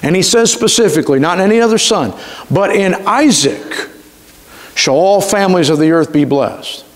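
A man pastor, preaching a sermon with emphatic delivery and slowly stretched key words. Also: high voice, expressive. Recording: reverberant church hall.

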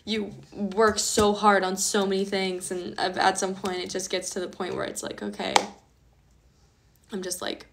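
A woman's voice: mid-range voice, completely flat delivery, moderate pace, few pauses, background noise. A woman musician talking casually on a livestream while crying, emotional and rambling with lots of fillers.

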